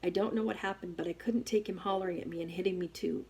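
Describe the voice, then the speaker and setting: A woman reading a first-person novel aloud as an audiobook, with expressive storytelling. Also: lowish voice, fast talker, vocal fry, slightly rough. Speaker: audiobook reader.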